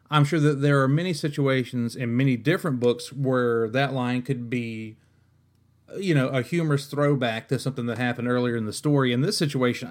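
Male podcast host, mid-pitched, in an exasperated comic rant that is profane and full of restarts. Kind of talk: comedic rant.

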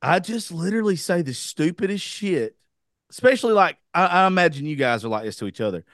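A man's voice: sits high, animated, brisk, a bit bright, dry recording, clean studio sound. Blunt, profane podcast host, man. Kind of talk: casual chat.

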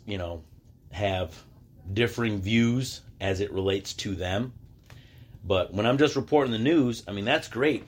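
A man hosting a solo podcast, telling stories in a loose conversational way, often restarting his sentences and acting out what other people said. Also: medium pitch. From United States. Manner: conversational storytelling, acting out quoted voices; frequent restarts and filler words. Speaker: podcast host. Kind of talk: casual solo podcast monologue.

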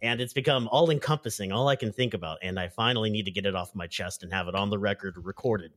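A man's voice: fairly low pitch, fast talker, a bit bright. A man joining a casual gaming podcast as a guest, talking in a playful, joking way.

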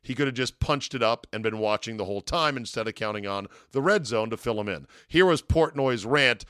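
A man's voice: medium pitch, animated, fairly quick, fairly bright tone, clear, resonant tone, dry recording. A man with a mid-range voice talks through sports and media gripes in a loose, rambling monologue. He is wry and digressive, and he chuckles at his own asides. The sound is close and dry, with no room around it. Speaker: sports talk podcast host. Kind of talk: casual sports talk monologue.

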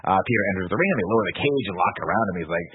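A man co-hosting a podcast, retelling film scenes in an animated way and laughing between lines. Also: low voice, noisy background. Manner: animated, laughing storyteller with quick voices. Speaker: podcast co-host. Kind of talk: casual movie review chat. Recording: tinny phone-like line.

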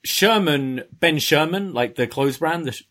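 A man co-hosting a podcast, talking things through carefully with a dry, wry edge. His voice runs a little higher than most men's. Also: animated, unhurried, a bit bright. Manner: explains slang carefully, wry. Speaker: podcast co-host. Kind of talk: casual chat.

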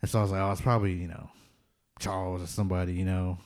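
A man's voice: sits low, flat delivery, racing, darkish tone. A man casually telling ghost stories, rambling with lots of fillers and laughing nervously at the tense parts. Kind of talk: casual storytelling of ghost encounters.

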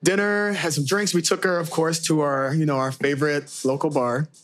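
A man's voice: fairly high pitch, normal speed. A man co-hosting a casual podcast, telling stories with lots of swearing. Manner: profane, animated storytelling. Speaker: podcast co-host. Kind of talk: casual chat.

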